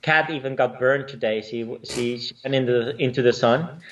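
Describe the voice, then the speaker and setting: A man's voice: medium pitch, fairly even intonation, normal speed, a bit bright, dull audio, slight background noise. Hesitant guest man on a distant call. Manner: hesitant, lots of fillers and restarts, laughs easily. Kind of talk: casual remote chat.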